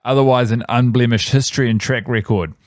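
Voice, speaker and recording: A man's voice: mid-range voice, fairly quick, no echo, studio quality. A man co-hosting a podcast, chatting casually and rambling, often correcting himself mid-sentence. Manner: rambling, self-correcting, animated storytelling. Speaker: podcast co-host. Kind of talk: casual chat.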